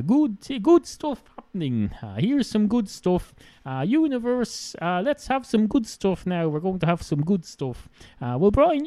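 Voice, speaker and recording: A man with an Irish accent rambles through a solo podcast monologue, peppering his talk with "uh" and self-mocking asides. His pitch swings widely and his tone is mellow and dark. The sound is dry and close, with no room behind him. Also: no echo. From Ireland. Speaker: podcast host.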